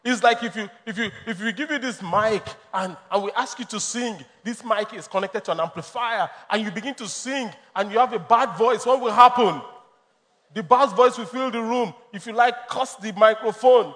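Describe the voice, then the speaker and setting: A pastor preaching with emphatic, story-driven delivery. His voice sits high for a man. A long reverb from the big hall trails his words. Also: normal speed, a bit bright. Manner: emphatic, storytelling, laughs often. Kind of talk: sermon.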